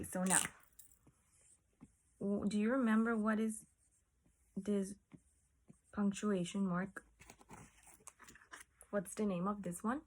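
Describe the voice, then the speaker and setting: Female teacher with a husky voice, unhurried classroom explaining. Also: medium pitch, a little mellow. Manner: patient, asks the class questions. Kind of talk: classroom lesson.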